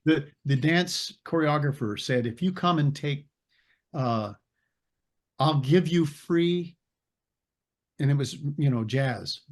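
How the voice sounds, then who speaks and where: A man's voice: a little high, slow pace, long pauses. An older man, an actor as interview guest, telling rambling stories, searching for names and laughing as he goes. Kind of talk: casual anecdotal storytelling.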